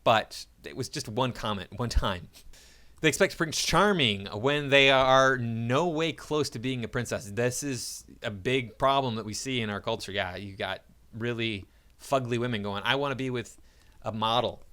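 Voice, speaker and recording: An opinionated man reads out a list and gives his take on each point, with frequent chuckles along the way. His voice is bright and forceful, with a middle-range pitch. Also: normal speed. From United States. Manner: opinionated, chuckles often between remarks. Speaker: commentator. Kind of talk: reading a list aloud and commenting.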